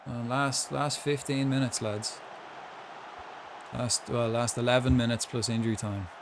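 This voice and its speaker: A man's voice: mid-range voice, steady tone, unhurried, slight background noise. A young man chatting casually while commentating his own football management game, rambling with lots of asides. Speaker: gaming streamer.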